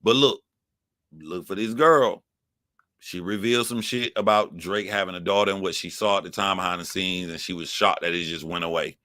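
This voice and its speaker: A man's voice: low-pitched, normal speed, sharp tone, dry recording. A man giving heated, profane commentary to his live chat as a streamer. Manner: profane, emphatic ranting.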